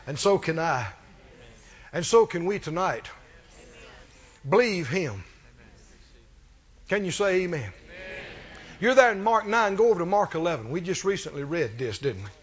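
A man's voice: high-pitched, big pitch swings, moderate pace, pauses often, breathy edge, highs cut off. A man preaching a sermon with rising fervor, asking the congregation questions and calling for responses.

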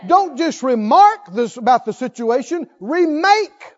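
An older man preaching a sermon, emphatic, asking call-and-response questions and swinging between loud declarations and soft asides. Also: very high-pitched, sing-song, measured pace, dull audio, faint music behind.

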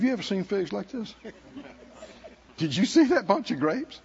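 An older man preaching a conference sermon, animated, acting out voices and drawing responses from the congregation. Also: high-pitched, moderate pace. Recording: dull lo-fi live recording.

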